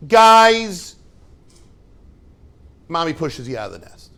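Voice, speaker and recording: A man's voice: a little high, big pitch swings, slow pace, fairly bright tone. A man, a rabbi giving an informal, joking lesson to his students and tossing questions at the class.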